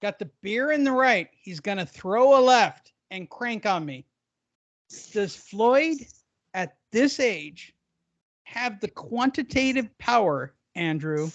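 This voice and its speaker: A man's voice: high voice, fairly bright tone, no room sound, dull audio. Playful man spinning silly hypotheticals. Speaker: podcast co-host. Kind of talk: casual boxing banter.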